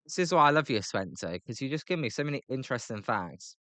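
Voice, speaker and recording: A British man giving live play-by-play reaction to a baseball game, chatty with fillers between pitches and excited calls on big plays. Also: a little fast, hardly any pauses, no room sound. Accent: British English. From Britain.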